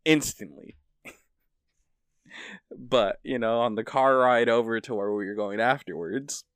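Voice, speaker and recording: A man's voice: medium pitch, fairly bright tone, no room sound, clean studio sound. A young man co-hosting a podcast, telling loose, rambling stories and laughing through them. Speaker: podcast co-host. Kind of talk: casual chat.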